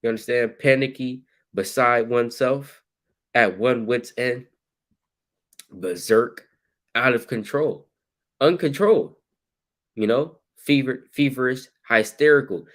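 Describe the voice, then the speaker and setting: A man teaching scripture in casual slang, acting out scenes with sudden loud shouts. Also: medium pitch, a little slow, long pauses.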